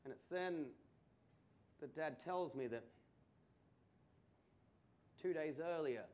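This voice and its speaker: An Australian man doing stand-up storytelling, swearing, stammering through restarts and building to loud punchlines. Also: fairly high pitch. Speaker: stand-up comedian. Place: comedy club stage before a laughing audience.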